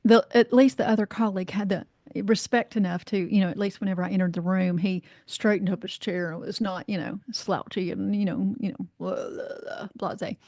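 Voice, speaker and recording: A woman's voice: mid-range voice, a little fast, few pauses, no echo. A woman from North Carolina, a life coach, telling a casual story in a podcast interview, acting out what people said, salting her talk with "you know" and swearing freely. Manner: lively anecdote-telling, acts out quoted voices, frequent "you know", swears freely.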